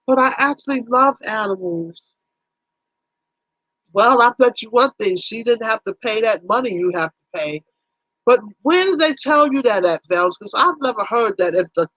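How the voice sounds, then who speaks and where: A woman's voice: a little high, no echo. Livestream host, woman, chatty and exclaiming, teases viewers, dull dry recording. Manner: animated, exclaiming, teasing viewers by name. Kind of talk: casual livestream chat.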